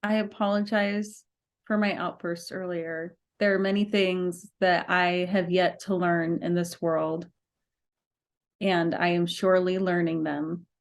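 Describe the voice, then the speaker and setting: A woman player in a casual tabletop game, speaking in an unhurried, sincere way. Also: on the low side, flat delivery, gravelly. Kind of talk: casual tabletop role-play.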